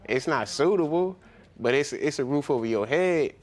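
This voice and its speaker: A man's voice: fairly high pitch, lively intonation, normal speed. A young man speaking casually in his testimony on a courtroom TV show, rambling with lots of fillers and slang. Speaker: litigant.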